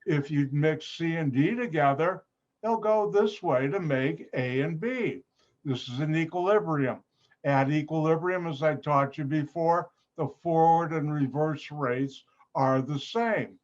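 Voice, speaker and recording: A man's voice: fairly high pitch, unhurried. A man from Chicago with a Chicago accent teaching a live online chemistry class, upbeat and joking with his students. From Chicago, USA. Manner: jokey, upbeat, self-mocking. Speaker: chemistry instructor. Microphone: video call. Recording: muffled video-call audio.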